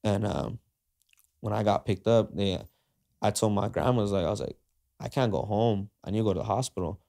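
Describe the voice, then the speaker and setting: Man, podcast guest, lowish voice, slangy casual storytelling, acts out dialogue. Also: fairly quick, vocal fry. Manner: slangy, animated retelling that acts out quoted dialogue; frequent fillers like "like" and "uh".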